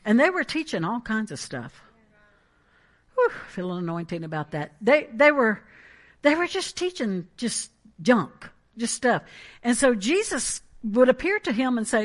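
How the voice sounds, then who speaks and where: A woman preaching a sermon in an animated, emphatic way, with asides and laughs. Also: a little high, unhurried.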